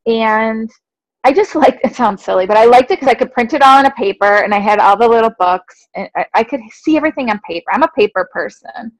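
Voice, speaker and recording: A woman co-hosting a running podcast in casual chat, self-deprecating and quick to laugh. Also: fairly high pitch, lively intonation, dry recording, low-quality recording. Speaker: podcast co-host.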